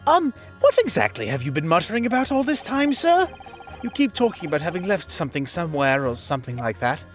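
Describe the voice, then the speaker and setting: A man's voice: a little high, huge pitch swings, fast, soft background music, voice pushed down. A young defence lawyer questions a juror in a dry, wry way, as a man reads him in a game playthrough. The delivery swings up and down a great deal.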